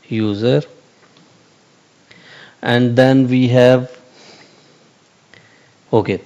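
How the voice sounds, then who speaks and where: Man, tutorial host: halting delivery, frequent fillers, mid pitch. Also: darkish tone. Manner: hesitant, many fillers and restarts, repeats "okay". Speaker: channel host explaining AI concepts. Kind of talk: whiteboard tutorial, unscripted.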